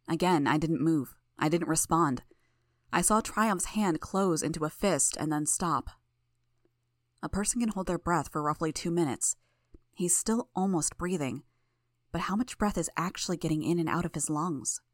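A woman narrating a first-person audiobook in a measured, steady manner. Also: on the low side, no room sound, studio quality.

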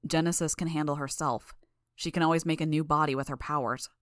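Audiobook: woman playing a tough young guy, low, blunt, firm delivery. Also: fairly even intonation, fairly quick, dry recording, clean studio sound, lightly acted.

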